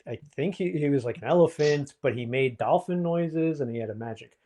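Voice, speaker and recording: A man's voice: a little high, brisk, dark tone. A man, a therapist co-hosting a podcast, explaining things in a reflective, casual way with frequent ums.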